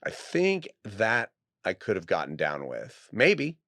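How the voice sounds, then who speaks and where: A man in casual podcast chat, reflective and halting, with a wry tone. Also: fairly low pitch, wildly swooping pitch, bright, forceful tone, dry recording, studio quality.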